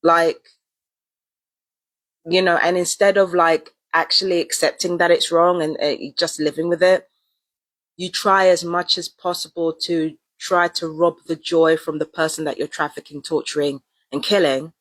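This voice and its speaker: A woman's voice: on the low side, little pitch movement, moderate pace, no room sound. A woman talking casually and at length in a vlog, often repeating herself and using slang. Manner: rambling and repetitive, casual slang. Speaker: vlogger. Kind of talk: casual monologue to camera.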